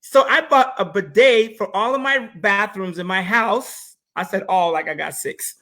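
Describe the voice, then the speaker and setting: A man co-hosting a casual panel talk, animated and addressing viewers directly as he tells stories. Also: sits high, normal speed. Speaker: co-host.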